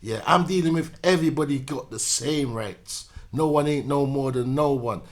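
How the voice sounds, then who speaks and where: Man, lecturing rant with rhetorical checks, mid-pitched voice. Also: normal speed. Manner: preachy, repetitive, rhetorical "yeah?" checks. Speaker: commentator. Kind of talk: opinion monologue to camera.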